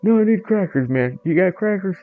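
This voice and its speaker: A man voicing a dim, food-obsessed male cat who keeps whining and begging loudly for crackers. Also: high-pitched, animated, brisk, phone-quality sound, faint music behind, voice pushed up. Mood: whiny, pleading. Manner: whiny, loud and insistent.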